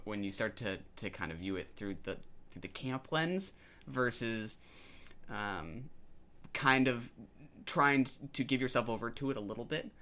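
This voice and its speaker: A man's voice: on the low side, pushed and bright. A man co-hosting a podcast, talking casually about films in a hesitant way, with many ums and restarts. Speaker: podcast co-host. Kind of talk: casual film discussion.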